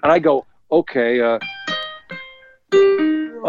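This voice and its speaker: Man spinning a lively studio anecdote. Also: a little high, highs cut off, over loud music. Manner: lively, acts out quoted voices, chuckles while telling; talks faster when excited. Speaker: musician guest. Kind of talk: anecdotal storytelling in an interview. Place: home recording studio.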